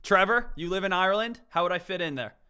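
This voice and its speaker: A man's voice: sits high, lively intonation, fast, bright, forceful tone, clean tone. A man hosting a live trading stream, chatting casually and answering his viewers, often repeating the word "again.".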